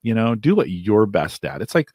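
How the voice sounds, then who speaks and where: A man co-hosting a podcast in casual chat, earnest and quick to laugh. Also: fairly low pitch, sing-song, a little mellow, dry recording, clean studio sound. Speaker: podcast co-host.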